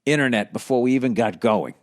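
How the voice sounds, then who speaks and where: A man's voice: mid-range voice, fast talker. A middle-aged man hosting a comedy podcast, telling a rambling, profane story that works up into heated ranting. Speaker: podcast host.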